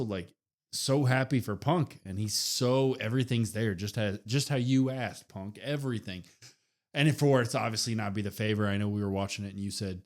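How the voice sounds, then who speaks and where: A man's voice: medium pitch, darkish tone. A man co-hosting a wrestling podcast, chatting casually and enthusiastically about an episode. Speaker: podcast co-host.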